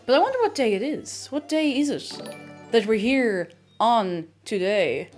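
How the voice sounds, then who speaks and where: A woman streaming live, chatting casually and bubbly, loudly greeting her chat and chanting playfully. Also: fairly high pitch, big pitch swings, a little slow, soft background music.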